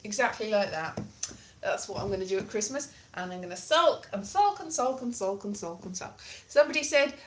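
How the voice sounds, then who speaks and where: A woman's voice: medium pitch, expressive, a little fast, a little hiss or hum. Playful, theatrical woman streamer. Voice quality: playful, theatrical and self-mocking. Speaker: streamer chatting with viewers. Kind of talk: casual live-stream chat.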